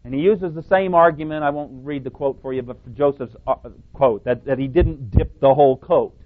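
A man's voice: mid-range voice, a little fast. A man teaching on scripture, emphatic and at times sarcastic as he quotes and rebuts other ministers. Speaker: preacher. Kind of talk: radio Bible teaching. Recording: tinny phone-like audio.

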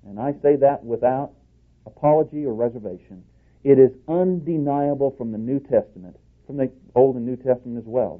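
Male preacher, emphatic sermon delivery, tinny lo-fi sound. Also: medium pitch. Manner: emphatic, swings from loud declarations to hushed asides. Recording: tinny phone-like recording.

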